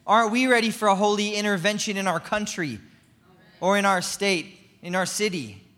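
A man preaching a sermon with passion. He rises to loud cries and breaks off for chuckling asides. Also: high voice, normal speed. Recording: long hall reverb.

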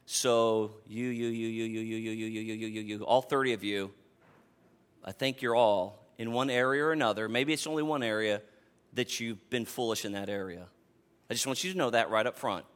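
A man in his fifties preaching a sermon as pastor, emphatic and animated, repeating words as he builds a point. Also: lowish voice, moderate pace, clean tone. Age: 50s.

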